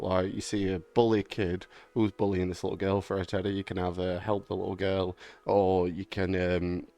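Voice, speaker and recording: Young guy rambling about an old game, low gravelly voice, swears a lot. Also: darkish tone. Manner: swears freely, laughs often, loose and rambling. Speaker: gaming vlogger. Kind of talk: casual rambling chat.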